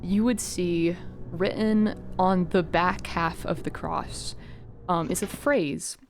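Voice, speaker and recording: A woman running a tabletop role-playing game as game master, narrating in a gentle, measured way. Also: fairly low pitch, fairly even intonation, a little hiss or hum.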